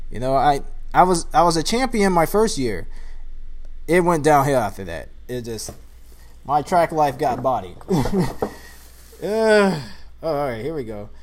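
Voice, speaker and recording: A young man, chatting casually in a vlog, rambling, laughing at himself and getting worked up. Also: fairly high pitch. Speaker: vlogger. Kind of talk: casual chat.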